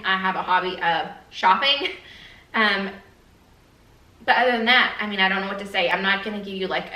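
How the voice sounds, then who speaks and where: A woman's voice: mid-range voice, bright, forceful tone, roomy sound, far from the mic, rough recording. A woman vlogger chatting earnestly to camera, rambling with fillers and a little emotional. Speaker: beauty vlogger. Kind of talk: casual chat to camera.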